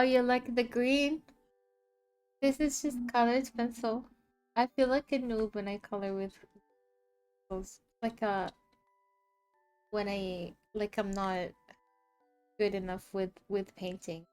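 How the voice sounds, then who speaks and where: A woman's voice: mid-range voice, darkish tone, clear, resonant tone. Chatty woman streamer drawing and eating. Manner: chatty, laughs often, talks while eating. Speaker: art streamer. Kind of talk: casual chat while drawing.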